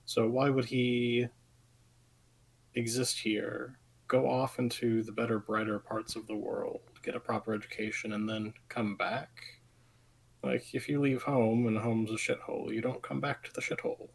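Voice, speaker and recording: A man chatting as a tabletop game player, skeptical and working through his reasoning out loud. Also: mid-range voice, little pitch movement, normal speed, creaky, slightly rough, rough recording. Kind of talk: casual tabletop game chat.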